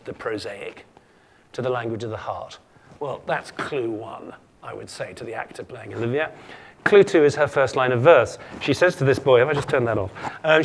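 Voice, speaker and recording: A man's voice: medium pitch, a little hiss or hum. A man giving a humorous keynote lecture to an audience, playful and jokey, often stumbling and restarting his sentences. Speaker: keynote speaker.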